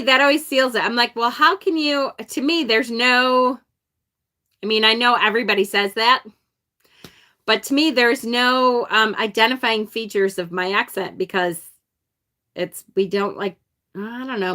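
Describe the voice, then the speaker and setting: A woman's voice: on the high side, moderate pace, pushed and bright. A woman with an upstate New York accent, hosting a casual live-stream card deck unboxing, chatting and laughing with viewers. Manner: chatty, reads viewer comments aloud, laughs often. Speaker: tarot channel host.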